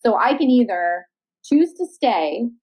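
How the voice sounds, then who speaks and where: A woman's voice: a little high, very animated, unhurried, dull audio. A woman in casual chat on a video call, talking candidly and swearing freely. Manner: candid, swears freely, acts out quoted talk. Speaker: guest.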